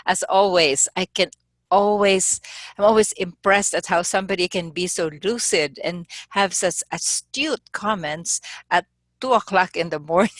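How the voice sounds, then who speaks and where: A woman's voice: fairly low pitch, a little slow, fairly bright tone, dry recording. A woman hosting an online speaking club meeting over a video call, introducing speakers courteously. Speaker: toastmaster, meeting host.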